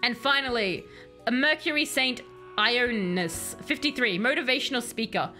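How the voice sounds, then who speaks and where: A woman streaming a game, chatting with viewers and reading game text aloud in a chatty, animated way. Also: fairly high pitch, normal speed, faint music behind. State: has a headache. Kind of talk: casual game commentary with chat.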